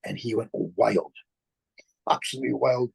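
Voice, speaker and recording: A middle-aged man, a guest healer, telling stories in a lively, chatty way with chuckles and restarts. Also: mid-range voice, normal speed, vocal fry, slightly rough, no room sound. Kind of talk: casual storytelling in conversation.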